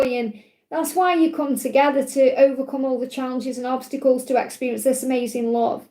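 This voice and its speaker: A woman's voice: high voice, dark tone, roomy sound. A woman hosting a spiritual live stream, talking in a heartfelt, rambling way with plenty of fillers. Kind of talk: emotional live-stream talk.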